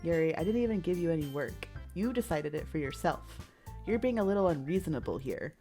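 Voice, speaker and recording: A woman's voice: sits low, lively intonation, brisk, mellow, soft background music. A woman voicing a cheerful, composed young woman who leads a club in a visual novel, upbeat and sing-song. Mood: calm, chiding.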